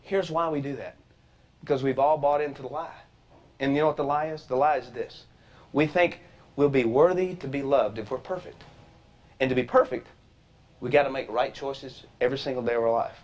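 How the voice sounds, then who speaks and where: A man hosting a talk show, telling a story in a lively, folksy way and acting out the quotes in different voices. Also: a little fast. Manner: animated, folksy, acts out quotes with shifting pitch. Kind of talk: energetic storytelling monologue. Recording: dull lo-fi TV sound.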